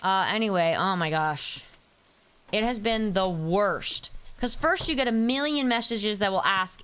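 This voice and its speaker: Her mid-range voice is brisk, smooth, and fairly bright, with lively intonation. She's a young woman on a casual live stream, venting in an exasperated way to viewers and calling out names from chat.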